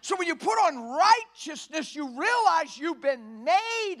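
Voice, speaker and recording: A man preaching a sermon in a church, folksy and emphatic, often rising to a shout. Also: very high-pitched, very animated, unhurried.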